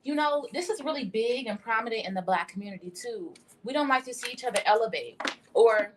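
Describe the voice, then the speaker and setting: A woman's voice: fairly high pitch, animated, fairly quick, noisy background. A young woman giving a casual tarot reading on a livestream, blunt and profane as she talks. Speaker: tarot reader. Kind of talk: casual spiritual livestream talk.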